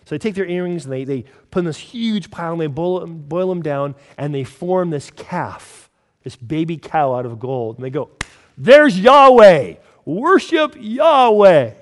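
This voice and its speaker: A male preacher retells scripture in a conversational, animated way, slipping into voices for each character. His voice sits a little high for a man. He moves between punchy asides and earnest emphasis. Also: moderate pace. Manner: conversational storytelling, animated, acts out quotes. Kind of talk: sermon.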